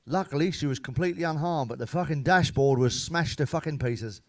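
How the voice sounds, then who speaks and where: Bloke doing filthy stand-up, swears nonstop, flat deadpan delivery, dry close sound. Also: male voice, fairly high pitch, brisk, no echo. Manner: blunt and heavily sweary, deadpan punchlines. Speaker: comedian. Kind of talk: crude stand-up monologue.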